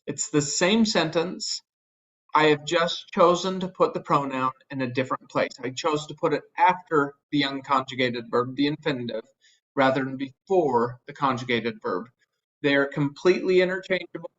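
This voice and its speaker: Man teaching grammar, slightly high voice. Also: moderate pace, fairly bright tone, lo-fi sound. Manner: patient, explains step by step with fillers. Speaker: Spanish teacher. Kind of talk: recorded grammar lecture.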